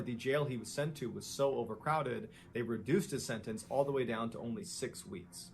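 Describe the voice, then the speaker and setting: A man narrating a true story in a steady, conversational way. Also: mid-range voice. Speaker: storyteller in a played video.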